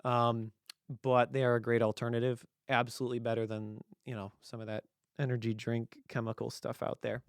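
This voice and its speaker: A young man hosts his own show in a loose, comedic monologue, piling up deadpan jokes and rambling asides. His voice is smooth and clear, sitting at an ordinary pitch. The sound is close and dry, with no room around it. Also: a little fast, dry recording. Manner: rambling, joking, deadpan sarcasm. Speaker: podcast host.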